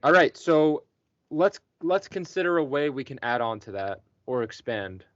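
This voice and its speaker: A man's voice: mid-range voice, very animated, normal speed, fairly bright tone, no echo. A man teaching a student one-on-one, patient and encouraging, checking in with the student often. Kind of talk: one-on-one tutoring session. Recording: dull dry lo-fi recording.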